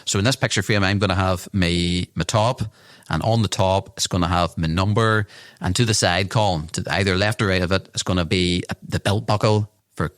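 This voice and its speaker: A low-voiced man co-hosts a casual podcast. He spins his story in an animated way, teasing his co-host as he goes. His voice sits dry and close on the mic. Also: no echo. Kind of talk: casual chat.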